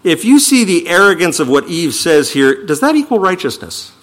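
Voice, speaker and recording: Emphatic male preacher with lively pitch. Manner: emphatic, swings from slow declaiming to quick asides. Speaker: pastor. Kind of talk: sermon with scripture reading.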